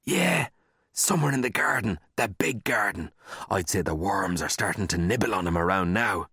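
A man's voice: sits low, lively intonation, moderate pace, pushed and bright, husky, no room sound, clean studio sound, heavily acted. A man voicing a cheeky, scheming young boy who coaxes and pesters his brother. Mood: wheedling. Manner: wheedling, coaxing.

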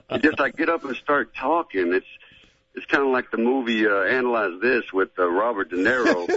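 A man's voice: lowish voice, bright, forceful tone. A middle-aged man and former football player, a guest in a casual radio interview, talking in a laid-back drawl and saying "man" a lot. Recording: dull lo-fi radio audio.

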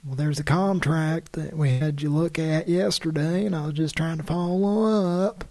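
A man hosting a live prank call stream, speaking in a deadpan, mock-businesslike way. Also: fairly high pitch, moderate pace, dry recording. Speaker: prank caller and stream host.

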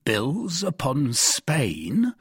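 A man's voice: mid-range voice, wildly swooping pitch, normal speed, breathy edge, no room sound, studio quality, full character voice. A man voicing an anxious, flustered innkeeper, talking in a worried, pleading way. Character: anxious, flustered middle-aged male innkeeper.

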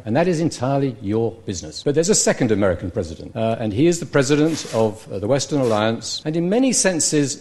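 A British man speaking in a formal debate, his pitch sitting in a plain middle range. He talks in a wry, measured way and fills his pauses with ums and uhs. He keeps a dry, self-aware tone as he makes his case. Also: a little mellow. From Britain.

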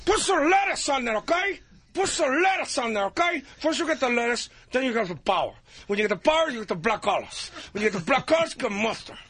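A comedian doing a brash, bossy gangster boss impression who barks orders over and over. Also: male voice, extremely high pitch, very animated, quick pace, husky, voice pushed up, exaggerated voice. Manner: bossy, repetitive, shouty impression.

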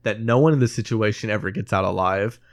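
A man's voice: lowish voice, fast, no room sound, clean studio sound. A man co-hosting a casual movie review podcast, emotional and teary, retelling scenes and acting out the characters' lines, swearing freely. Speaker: podcast co-host.

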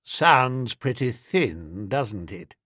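A man voicing a smug young swindler who speaks in a low, soft, unbothered drawl. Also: very animated, very slow, dry recording, clean studio sound, full character voice. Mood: innocent.

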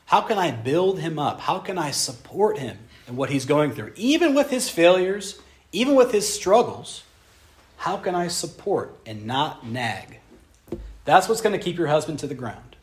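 A young man preaching a sermon on marriage to a live audience, animated and conversational, acting out little voices as he goes. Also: fairly high pitch, normal speed. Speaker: pastor.

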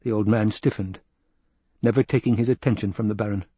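A man narrating a novel in a steady, measured storytelling voice. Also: on the low side, breathy edge, no echo. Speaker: audiobook narrator. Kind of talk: scripted narration.

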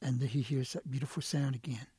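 A man telling a traditional animal folk tale in a relaxed, rhythmic way. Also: mid-range voice, fast talker, very noisy. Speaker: storyteller. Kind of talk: traditional oral storytelling.

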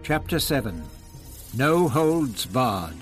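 A man reading a novel aloud as an audiobook narrator, in a measured, expressive manner. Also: medium pitch, faint music behind. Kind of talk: scripted narration.

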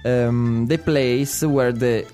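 A man with an Italian accent, a native Italian speaker co-hosting a casual language podcast, jokey and self-mocking, with halting fillers. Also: mid-range voice, steady tone, dark tone, faint music behind. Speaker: co-host and native-speaker teacher.

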